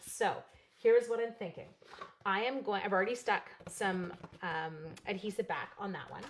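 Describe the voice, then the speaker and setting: A woman's voice: mid-range voice, normal speed, a little hiss or hum. A woman in her forties, chatty and bubbly, telling stories and laughing as she demonstrates a papercraft project. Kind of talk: casual live crafting demo.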